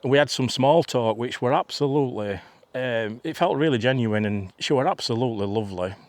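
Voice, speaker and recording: A man in his 50s shares a rambling story for his vlog from a field, full of false starts and asides. He talks at medium pitch, a touch fast and a little mellow, on a dry recording.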